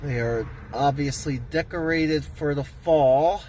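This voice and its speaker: A man's voice: takes it slowly, a little mellow, slight background noise. A man with a New Jersey accent narrating a casual, rambling driving vlog. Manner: rambling, talks to a cat in a high coo. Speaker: vlogger.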